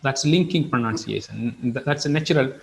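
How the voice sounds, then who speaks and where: A man's voice: mid-range voice, a little fast, gravelly, a little hiss or hum, low-quality recording. A man teaching English pronunciation in an online class, explaining with repeated example phrases.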